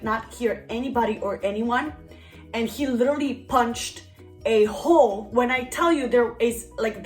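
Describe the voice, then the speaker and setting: Young woman, vlogger, casual story time, rambling, filler-heavy, roomy echo, faint music behind. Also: on the high side.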